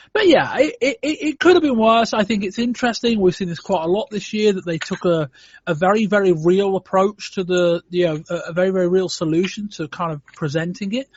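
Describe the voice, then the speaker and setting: A man with a high, husky voice hosting a casual podcast chat, weighing his points aloud with plenty of "um"s and false starts. The sound is dry and dull, like lo-fi podcast audio. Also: no echo. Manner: thoughtful, hedging with frequent "um" and restarts. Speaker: podcast host.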